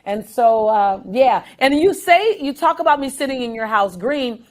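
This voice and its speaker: A woman guest in a casual interview, telling stories with lively, acted-out quotes and frequent laughter. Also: fairly high pitch, normal speed. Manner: animated storyteller, acts out quotes.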